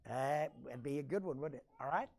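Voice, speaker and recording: A man's voice: medium pitch, a little fast, darkish tone. A male pastor, preaching a conversational sermon and drawing his congregation in with questions. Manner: folksy, conversational preaching with audience call-and-response.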